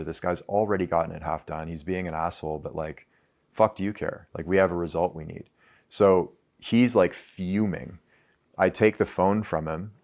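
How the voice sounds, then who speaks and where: A man's voice: sits low, darkish tone. A man in his thirties talking loosely to a live audience, full of "like" fillers and the odd swear word. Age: 30s. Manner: loose and conversational, with frequent "like" fillers and profanity. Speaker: speaker addressing a live audience. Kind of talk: casual talk to an audience.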